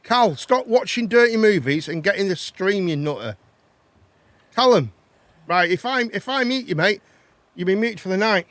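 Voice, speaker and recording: A man's voice: sits high, lively intonation, moderate pace, fairly bright tone, no echo. A man hosting a live chat show and phone-in, chatty and teasing, and he laughs often. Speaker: host.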